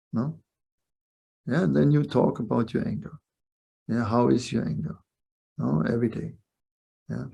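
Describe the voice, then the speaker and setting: Speaking over a video call mic, an older man gives a reflective spiritual webinar talk as a spiritual teacher. His mid-range voice is creaky and warm with a breathy edge, and he often closes his points with short questions to listeners.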